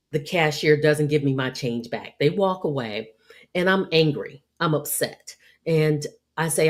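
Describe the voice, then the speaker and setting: A middle-aged woman with a low, steady voice talks through advice for leaders at a measured pace. She acts out small everyday scenes to make her points. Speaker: podcast host and leadership speaker. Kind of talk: scripted advice talk.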